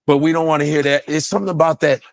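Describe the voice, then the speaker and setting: A man telling stories in a casual chat, animated and profane, laughing often and slipping into mock voices. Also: a little high, racing, gravelly. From United States.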